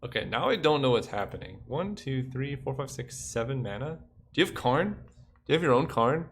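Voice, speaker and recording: A man's voice: medium pitch, animated, fairly quick, slight background noise. A young man giving casual commentary while playing a digital card game, thinking aloud and counting under his breath.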